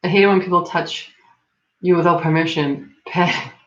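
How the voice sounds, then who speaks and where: A woman's voice: lowish voice, fairly even intonation, normal speed. A young adult woman chatting casually as a stream host, rambling and filling her talk with "like", often laughing. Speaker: livestream host. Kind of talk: casual chat. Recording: dull lo-fi sound in an echoey room.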